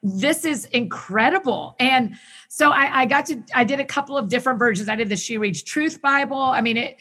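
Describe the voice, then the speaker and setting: A woman talking as a guest in a casual conversation, enthusiastic and quick in bursts, often restarting her sentences. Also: high-pitched, bright, forceful tone. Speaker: podcast guest who hosts her own show.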